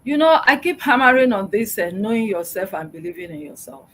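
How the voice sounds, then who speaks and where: A woman's voice: medium pitch, expressive, fairly quick, rough recording. A middle-aged woman from Nigeria, a public relations expert answering interview questions in an emphatic, exhorting way, full of rhetorical questions.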